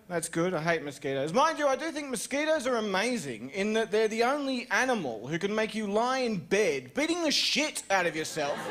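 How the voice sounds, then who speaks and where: An Australian man doing a stand-up comedy set on a club stage, chatty and animated, slipping into put-on voices for his bits. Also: sits high, a little hiss or hum.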